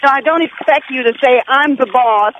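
Indignant woman caller, high and fast, dull phone sound. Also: a little hiss or hum. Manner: stern, scolding, indignant. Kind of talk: call-in radio argument.

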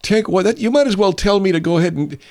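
A man's voice: mid-range voice, animated, measured pace. A man voicing an overworked, exhausted middle-aged man who whines in exasperation, in a comedy skit. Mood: exasperated. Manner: whiny, exasperated.

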